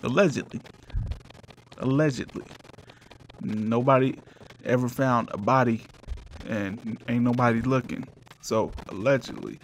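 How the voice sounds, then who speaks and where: Man, mid-pitched voice, slangy rambling comic storytelling, faint background noise. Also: unhurried, long pauses. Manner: rambling, slangy, laughing asides. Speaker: comedy game reviewer.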